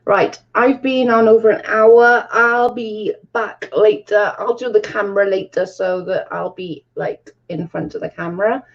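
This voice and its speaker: A woman's voice: medium pitch, steady tone, measured pace, vocal fry, few pauses. A woman hosting a casual live stream, chatting with viewers and laughing often. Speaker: livestream host. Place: at home, camera off. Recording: dull lo-fi stream audio.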